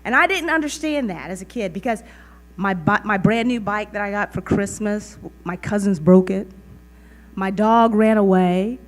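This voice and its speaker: A woman's voice: medium pitch, moderate pace. A woman reverend giving a sermon, earnest and emphatic, with repeated phrases. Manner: earnest, emphatic preaching with repetition. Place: community center lounge.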